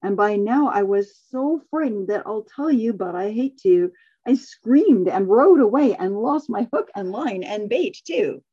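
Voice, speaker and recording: Husky-voiced woman reading a story aloud. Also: mid-range voice, dull audio. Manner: expressive storytelling, laughs often, quick when chatting. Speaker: workshop facilitator. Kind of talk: reading a rhyming story aloud, then leading group discussion.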